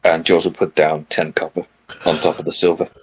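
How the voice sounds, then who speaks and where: A man's voice: very deep voice, little pitch movement, fairly quick, slightly rough, rough recording. A man playing a tabletop game, narrating his character's actions with dry, sarcastic remarks. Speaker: player.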